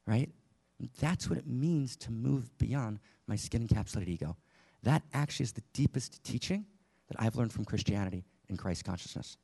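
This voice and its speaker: A man's voice: medium pitch, lively intonation, moderate pace, creaky, dark tone, husky. A man giving an impassioned spiritual teaching talk to a live audience in a room, asking many rhetorical questions.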